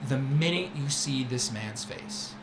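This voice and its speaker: A man narrating a tabletop game as game master, describing scenes in a relaxed, halting way. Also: mid-range voice. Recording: roomy room with background noise.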